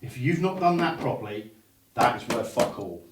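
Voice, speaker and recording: A male hypnotherapy trainer who talks bluntly and swears freely, then slides into slow, hypnotic suggestions for his demonstrations. He is recorded from a distance in a roomy space, with faint noise in the background. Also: mid-range voice, expressive. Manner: blunt and heavily profane.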